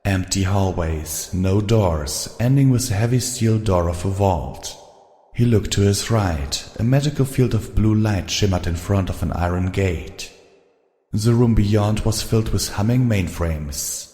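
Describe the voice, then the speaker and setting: A man narrating an audiobook in a steady, measured storytelling voice. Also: low voice, husky, no room sound, studio quality. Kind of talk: scripted narration.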